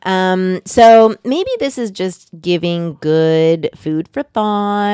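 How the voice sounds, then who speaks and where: A woman's voice: fairly low pitch, takes it slowly, dark tone, smooth, no echo, clean studio sound. A woman co-hosting a podcast in casual chat, playful and teasing, laughing often. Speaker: podcast co-host.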